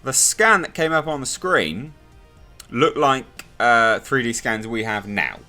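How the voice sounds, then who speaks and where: A young man talks through a TV episode in a loose, exasperated review. His voice swings widely in pitch and sounds bright and forceful. Faint background music plays under him. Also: animated, slow. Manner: sarcastic, exasperated, mocking impressions. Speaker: TV show reviewer. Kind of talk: casual spoken review.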